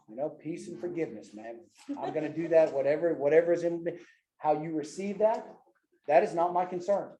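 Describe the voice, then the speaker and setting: A man's voice: on the high side, mellow, echoey room. Folksy man teaching a Bible class. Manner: folksy, loose, keeps saying "man" and "right?". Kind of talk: casual teaching with personal stories. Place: church classroom with a group.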